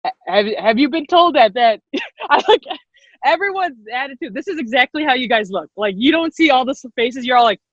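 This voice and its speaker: Brisk and high-pitched with lively intonation, a young workshop leader runs a live online class for girls, encouraging and upbeat, often laughing and repeating herself. Her video-call computer mic gives dull lo-fi sound without room sound.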